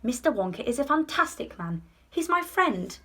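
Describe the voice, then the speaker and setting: An earnest young boy from a storybook, read by a woman. He speaks softly, near a whisper, and pleads sincerely. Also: fairly high pitch, sing-song, normal speed, husky, pitched above the performer's own voice, exaggerated voice. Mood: pleading.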